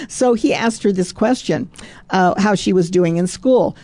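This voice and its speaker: A woman's voice: medium pitch, a little slow, dark tone, no echo. A woman giving a Christian devotional, reading a story aloud and breaking in with chuckles, repeated phrases and "praise God" asides. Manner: emphatic, repeats phrases for stress.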